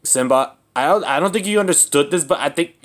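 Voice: medium pitch, lively intonation, a little fast. A voice role-playing characters in a playful way, stammering and repeating words. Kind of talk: excited kid-style play role-play.

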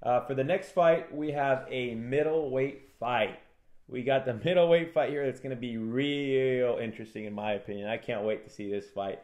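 Man, casual fight-betting chat, animated, echoey room. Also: mid-range voice, moderate pace. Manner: animated, acts out fighters and referee in raised voices. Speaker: MMA prediction co-host.

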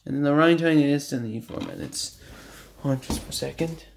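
A man at home casually showing off his DVD collection, reading out running times in a halting, stumbling way. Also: a little high, gravelly. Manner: shouts at noisy kids, then apologizes. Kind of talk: casual home video show-and-tell. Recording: faint background noise.

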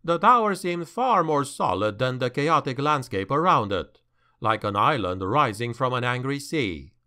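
A man narrating a dark fantasy audiobook in a measured, dramatic way. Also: mid-range voice, very animated.

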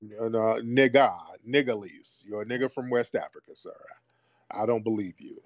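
A man's voice: medium pitch, steady tone, normal speed, no echo, clean studio sound. A man hosting a call-in radio show, questioning a caller in a teasing, mocking way.

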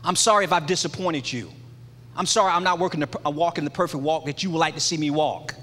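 A man's voice: on the high side, quick pace, a bit bright. A middle-aged man leading a church men's ministry, giving an impassioned testimony sermon with a repetitive preaching cadence. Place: large church sanctuary. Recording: long hall reverb.

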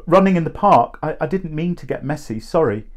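A man doing a quiet, terse young schoolboy. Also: fairly high pitch, animated, brisk, voice pushed up, close to an everyday voice. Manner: terse, subdued. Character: quiet wary schoolboy missing his mother.

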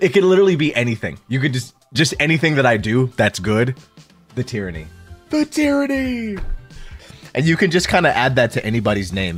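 A young man streaming, telling stories in a loose, laughing chat and breaking into high squealed impressions of friends. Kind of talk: casual chat to a stream audience.

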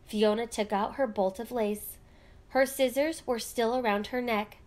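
A woman reading a children's picture book aloud with gentle, measured storytelling. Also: on the high side, fairly even intonation. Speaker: read-aloud narrator.

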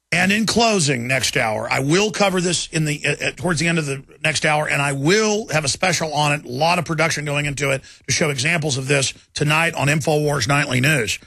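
Raspy, gravelly-voiced ranting radio host man. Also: on the high side, bright, forceful tone, no echo. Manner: emphatic, repetitive, ranting. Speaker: radio talk show host. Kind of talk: ranting talk radio monologue.

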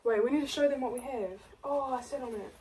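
Young New woman vlogging, giggly banter, slightly high voice, far from the mic over heavy background noise. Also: fast, dark tone. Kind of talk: casual chat.

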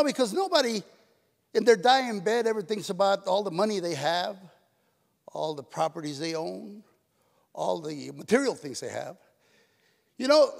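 A man's voice: high-pitched, vocal fry. An older man giving a tearful, storytelling award speech at a banquet, slipping into his mother's voice. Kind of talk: stand-up style speech at a banquet. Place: hotel ballroom. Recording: echoey hall, PA system.

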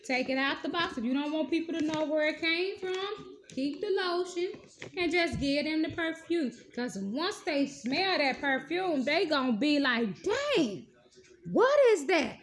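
High-voiced, gushing woman vlogger. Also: moderate pace. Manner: animated, gushing, folksy slang. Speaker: beauty vlogger. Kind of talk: casual haul review.

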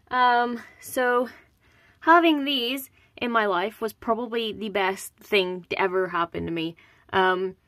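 A young woman shows off her collection in a casual show-and-tell vlog, gushing with enthusiasm, lots of ums and repeated words. She sounds slightly out of breath. Her voice is a little high and fairly bright, recorded dry at studio quality.

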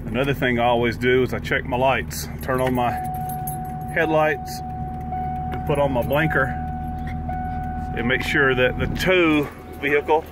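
A man's voice: medium pitch, steady tone, unhurried, long pauses, very noisy. A man vlogging casually outdoors beside his RV, walking viewers through the steps in a folksy, chatty way. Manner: folksy, chatty, explains step by step. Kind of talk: casual how-to vlog.

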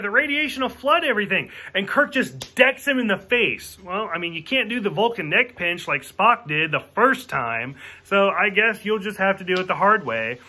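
Casting: irritated reviewer guy, high lively voice with a bright edge, swears a lot, casual rant. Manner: exasperated, profane, acts out characters' lines. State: drinking while reviewing. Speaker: movie reviewer.

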